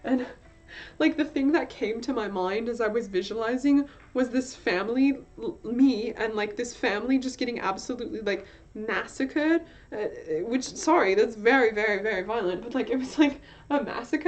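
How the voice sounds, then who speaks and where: A woman's voice: a little high, normal speed. A tired young woman chatting on a livestream in a put-on British accent, rambling and self-mocking. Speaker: livestream host. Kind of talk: casual livestream chat. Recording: dull lo-fi sound, faint music behind.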